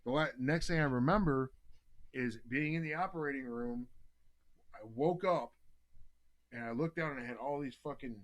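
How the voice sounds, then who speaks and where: A man on a casual podcast, telling a story in a lively, swearing way. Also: medium pitch, moderate pace, pauses often, low-quality recording. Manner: profane, animated storyteller. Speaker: podcast host.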